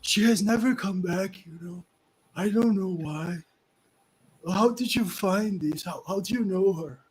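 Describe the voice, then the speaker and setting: A brittle, cranky old man, frail enough to fall over in a breeze, put on by a man running a tabletop game. His voice is thin, high and quavering, and he shouts at anyone who bothers him. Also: measured pace, husky. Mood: mournful.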